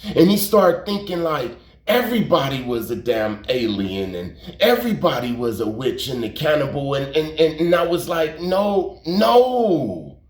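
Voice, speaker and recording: A man's voice: medium pitch, very animated, moderate pace. A man telling a story in a casual, rambling way, repeating himself, using slang and cursing for emphasis. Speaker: YouTube storyteller. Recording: roomy echo.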